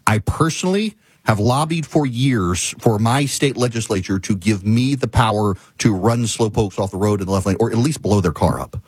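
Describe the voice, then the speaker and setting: A man's voice: on the low side, normal speed, hardly any pauses, darkish tone, breathy edge, dry recording. A man hosting a talk show, telling a story in a casual, exasperated rant and repeating his points for emphasis. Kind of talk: casual monologue, ranting storytelling.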